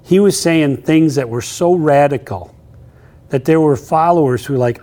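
A male pastor delivers a sermon in a slightly high voice. He is animated and playful, slipping into acted-out quotes with humor. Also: moderate pace.

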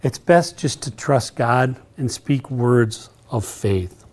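A man preaching a sermon, animated and playful, acting out quotes with humor. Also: medium pitch, slow pace. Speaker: pastor.

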